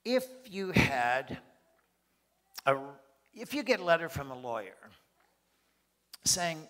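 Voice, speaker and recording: A man's voice: on the high side, slow pace, long pauses. A man preaching a sermon, acting out short scenes in different voices. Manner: animated, acts out little scenes with voices. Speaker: pastor.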